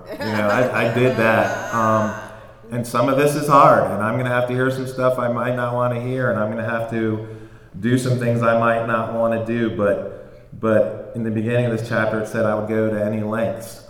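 Man, member sharing at a recovery meeting; halting, filler-heavy delivery; reverberant hall. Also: fairly low pitch. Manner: halting, many fillers and restarts. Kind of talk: personal sharing. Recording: echoey hall.

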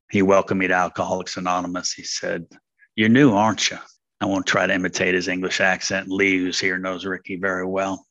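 An older man tells his story in a low, steady voice that barely rises or falls, with a bright edge to it. He talks candidly and rambles, with many fillers. The sound is close and dry. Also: no room sound, highs cut off. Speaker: speaker sharing at a recovery meeting. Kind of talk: personal testimony.

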